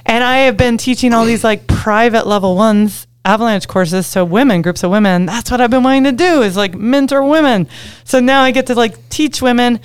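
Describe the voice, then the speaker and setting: Animated woman saying "like" a lot. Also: on the high side, fairly quick, clear, resonant tone, no room sound, clean studio sound. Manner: animated, says "like" often, upbeat. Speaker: ski guide and avalanche instructor. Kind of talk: casual podcast chat.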